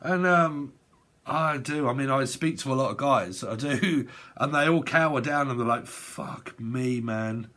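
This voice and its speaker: A man's voice: mid-range voice, moderate pace, pushed and bright. A man giving a casual tarot reading, rambling and swearing, often breaking into laughter. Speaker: tarot reader.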